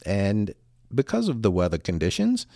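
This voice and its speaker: A man's voice: fairly low pitch, huge pitch swings, moderate pace, gravelly, warm tone, no echo, clean studio sound. A middle-aged man telling a personal story in a rambling, casual way with many restarts.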